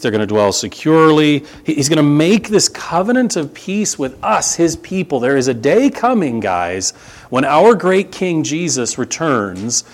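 A man preaching a sermon as pastor, reading scripture and exhorting the congregation. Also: fairly high pitch.

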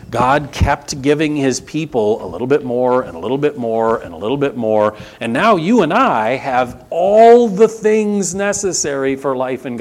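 A man preaching a sermon, animated and conversational, with asides to the congregation. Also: medium pitch. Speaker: pastor.

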